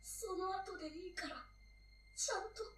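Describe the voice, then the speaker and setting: A woman's voice: very high-pitched, quick pace, fairly bright tone, a little hiss or hum. A woman voicing Gon, a distraught young boy, in a Japanese anime, pleading and sobbing with a wildly swinging voice. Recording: roomy echo, distant, music behind.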